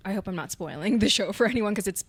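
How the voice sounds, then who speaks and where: A woman's voice: medium pitch, lively intonation, fast, slightly rough. A young woman co-hosting a podcast, talking candidly and reflectively in casual chat, laughing easily. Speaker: podcast co-host.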